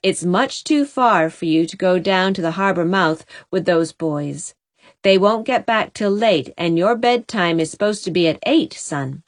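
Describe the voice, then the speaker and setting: Firm calm father, matter-of-fact and steady, read by a woman. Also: lowish voice, unhurried, no echo, studio quality.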